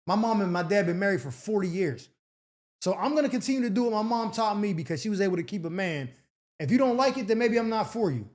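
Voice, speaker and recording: Animated high-voiced man giving advice. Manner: animated slang-heavy delivery, acts out quoted people. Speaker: advice show host. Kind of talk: casual advice commentary reading letters.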